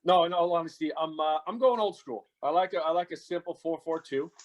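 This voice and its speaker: A man's voice: on the high side, brisk. An American man appearing as a guest on a podcast over a remote connection, easygoing and joking. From United States. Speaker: guest, former goalkeeper. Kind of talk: casual podcast interview.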